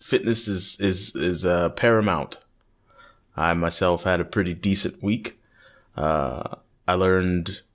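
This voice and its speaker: A man's voice: sits low, fairly bright tone. A man hosting a casual podcast chat, joking around and hesitating often. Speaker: podcast host.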